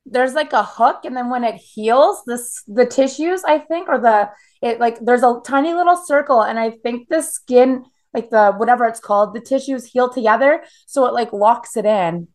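Blunt, profane woman with a higher voice. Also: normal speed, few pauses, darkish tone. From Canada. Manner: blunt, profane storytelling with frequent "like" fillers. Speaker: guest. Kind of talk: casual interview chat.

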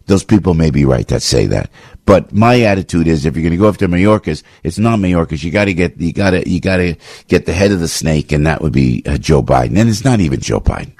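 Fired-up low-voiced male radio host. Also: lively intonation, a little fast, gravelly, a little mellow, breathy edge, no echo, studio quality. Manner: fired-up, ranting, repeats phrases. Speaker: radio talk show host. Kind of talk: political commentary monologue.

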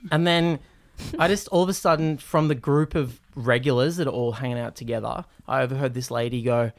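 A man's voice: medium pitch, a little fast. A man co-hosting a podcast, casually telling a funny anecdote. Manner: animated anecdote telling, shouting quoted voices. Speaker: podcast co-host. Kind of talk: casual chat, storytelling.

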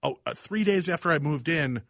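A man hosting a casual talk show, telling animated, self-deprecating stories about his house. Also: fairly high pitch, fairly quick, gravelly, dry recording, studio quality. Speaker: radio show host. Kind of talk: casual chat.

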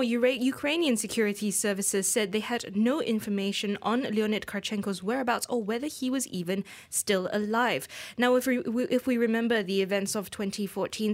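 A woman co-hosting a business radio programme in the morning. She reads the news in a measured way, then slips into looser talk with small restarts. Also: medium pitch. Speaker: radio show host.

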